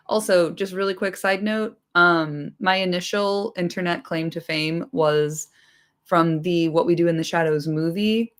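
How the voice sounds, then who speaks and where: A woman reading a fantasy book aloud on a livestream, expressive, with casual and profane chatty asides. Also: on the low side, unhurried.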